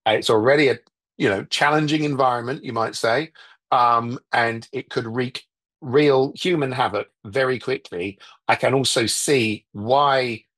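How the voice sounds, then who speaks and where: A man with a husky, slightly breathy voice at an ordinary middle pitch. He rambles in a wry, self-interrupting way, trailing off and circling back as he talks. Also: steady tone, unhurried, a bit bright. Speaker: guest, TV writer. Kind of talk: casual conversation.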